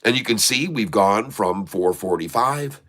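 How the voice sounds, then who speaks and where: An American man hosts a loose, joking stock market livestream and keeps calling his viewers folks. His voice sits a little low, yet it comes across bright and forceful. He talks in a folksy, chatty way. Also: lively intonation, measured pace. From United States. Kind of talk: casual livestream chat.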